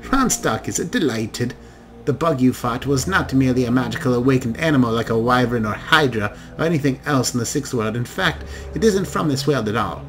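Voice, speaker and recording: A man's voice: mid-range voice, animated, a little fast, faint music behind, natural voice. A man voicing a flamboyant, sardonic elf man who lectures in a wry way. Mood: lecturing.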